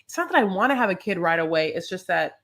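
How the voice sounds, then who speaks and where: A woman co-hosting a casual recap podcast, rambling with lots of fillers and quick laughs. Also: on the low side, very animated, a bit bright. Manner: rambling, lots of "like" and "you know", laughs easily. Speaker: podcast co-host recapping a reality show. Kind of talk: casual chat.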